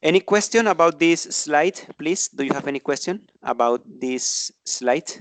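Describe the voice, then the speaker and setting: A man's voice: on the high side, lively intonation, normal speed, no echo. A man teaching an online English grammar class, explaining patiently and often checking in with tag questions.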